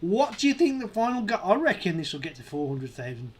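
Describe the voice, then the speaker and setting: Excitable high-voiced man streaming live. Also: brisk, slightly rough. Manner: excitable, counting numbers aloud, shouting at milestones. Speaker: streamer hosting a live crowdfunding watch.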